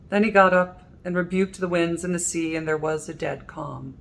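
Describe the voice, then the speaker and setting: Gravelly-voiced woman preaching a sermon. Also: on the low side, steady tone, normal speed, few pauses. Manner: gentle, reflective preaching with soft quoted lines. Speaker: priest. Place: cathedral.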